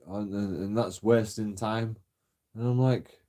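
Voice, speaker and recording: A man's voice: on the low side, measured pace, mellow. A man telling a story in a casual vlog, rambling and mocking, swearing freely and chuckling often. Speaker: channel host.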